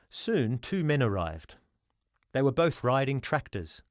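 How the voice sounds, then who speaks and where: Brief: male storybook narrator, animated intonation, dry close recording. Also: mid-range voice, a little slow, no room sound. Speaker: audiobook reader.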